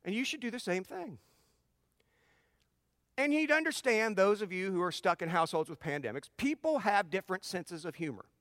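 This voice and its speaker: Animated, high-voiced middle-aged man. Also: moderate pace, no echo, studio quality. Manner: animated storyteller with frequent restarts. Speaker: speaker addressing his audience. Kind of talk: casual advice talk with personal stories.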